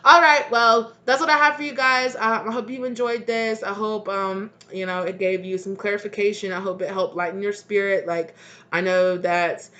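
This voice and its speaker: A woman's voice: medium pitch, steady tone, moderate pace, bright, forceful tone. A woman giving a casual tarot reading to her viewers, rambling with many fillers. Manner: rambling, filler-heavy, with frequent "like". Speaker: tarot reader. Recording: dull lo-fi recording.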